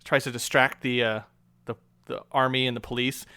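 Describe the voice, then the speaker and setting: A man's voice: mid-range voice, little pitch movement, moderate pace, pushed and bright, smooth, no echo. A man co-hosting a casual film review chat, easygoing and laughing as he retells scenes. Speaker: podcast co-host.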